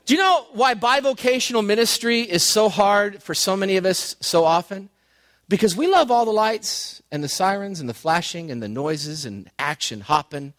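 A man pastor preaching a sermon, telling stories in an animated, excitable way and calling his listeners "man". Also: sits high, moderate pace, no echo, clean studio sound. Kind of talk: sermon with storytelling.

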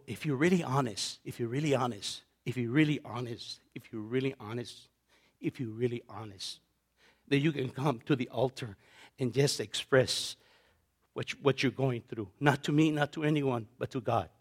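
A middle-aged man preaching a sermon as pastor, impassioned, repeating phrases and swelling suddenly in volume and pitch.

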